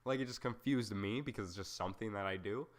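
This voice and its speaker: A man's voice: on the low side, quick pace. A young man hosting a solo podcast, rambling casually through tangents and joking at his own expense. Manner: rambling and self-deprecating, full of fillers and tangents. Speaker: podcast host.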